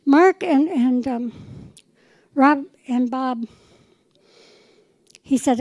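A woman's voice: high voice, extremely slow, pauses often, darkish tone, no room sound, poor audio. A middle-aged woman pastor preaching a fervent sermon, acting out conversations with the Lord. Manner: fervent, quotes the Lord in dialogue.

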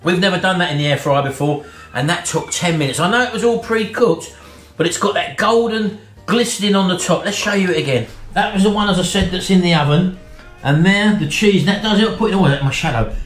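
A man's voice: high voice, brisk, a bit bright, echoey room, faint music behind. A British man in a casual home cooking vlog, eating on camera and praising the dish in playful, theatrical terms. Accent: British English. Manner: playful, theatrical food praise, calls wife baby. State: eating while talking. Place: home kitchen. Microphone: camera on tripod.

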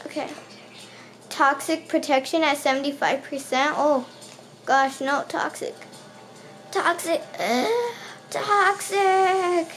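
A woman's voice: high voice, slow pace, long pauses, fairly bright tone, soft background music. A woman playing a video game and commentating it, often panicking and repeating words in bursts as she talks back to the enemies. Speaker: gaming channel host. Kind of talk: let's play commentary.

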